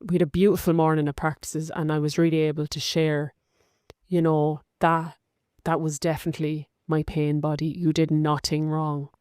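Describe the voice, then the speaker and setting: A low-pitched Irish woman hosting her podcast in a casual confessional monologue. She talks in a loose, chatty way, peppering her speech with "like" and "right". Her voice is close and dry, with no room sound around it. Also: little pitch movement, normal speed, a little mellow, smooth, dry recording. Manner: chatty, frequent likes and rights, open and personal. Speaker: podcast host.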